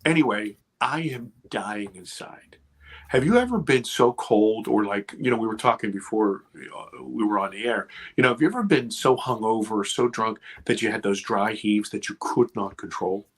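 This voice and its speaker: Husky man telling a gripping story. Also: lowish voice, normal speed. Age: 50s. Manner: intense, swearing, animated retelling. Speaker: podcast guest, TV producer. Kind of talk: emotional storytelling in conversation.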